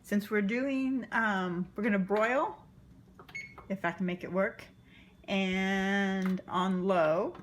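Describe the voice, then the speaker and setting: A woman's voice: medium pitch, fairly even intonation, slow pace, echoey room, a little hiss or hum. A woman casually demonstrating a home cooking recipe in her kitchen, chatty and rambling, with joking asides. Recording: kitchen clatter of dishes and pans.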